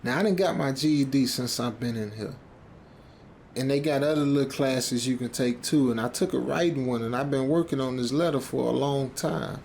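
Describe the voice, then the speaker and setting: A man's voice: medium pitch, normal speed, gravelly, a little mellow, slight background noise. A man narrating a horror story as a rambling, stammering speaker who keeps ending phrases with "man".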